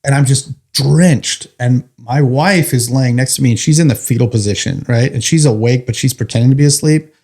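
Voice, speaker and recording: This firefighter, a guest, speaks fairly quickly in a medium-pitched, slightly mellow voice. He tells a personal story in a candid, vivid, plain-spoken way, with blunt swearing mixed in.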